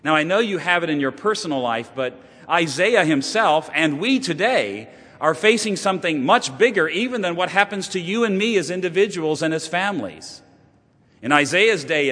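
A man preaching a sermon, telling stories, sometimes dropping to a hush and then building up with emphasis. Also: a little high, husky. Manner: storytelling, shifting from hushed to rising emphasis. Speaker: pastor. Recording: long hall reverb.

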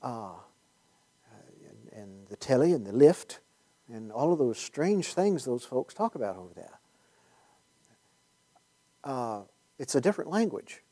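A man's voice: medium pitch, big pitch swings, measured pace, pauses often, warm tone. A man giving a conversational Bible teaching talk, rambling with many fillers and restarts and wry asides. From United States.

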